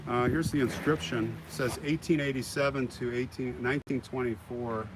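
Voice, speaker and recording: A man's voice: medium pitch, fairly even intonation, normal speed. An older American man hosting a live walking tour of a cemetery, chatting in a rambling way and answering viewer comments as he goes. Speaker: livestream host. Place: outdoors in a cemetery. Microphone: phone on a live stream. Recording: harsh noisy live-stream audio.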